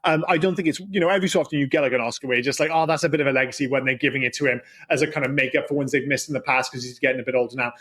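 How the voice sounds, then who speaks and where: A man's voice: medium pitch, steady tone, very fast, hardly any pauses, a bit bright. A man co-hosting a podcast, chatting casually and swearing freely as he talks animatedly. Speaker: podcast co-host. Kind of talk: casual chat.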